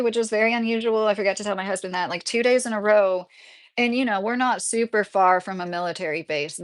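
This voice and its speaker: A woman hosting a casual live stream from her rural home, rambling through stories with lots of fillers as she answers her chat. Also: medium pitch. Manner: chatty, rambling, with frequent fillers.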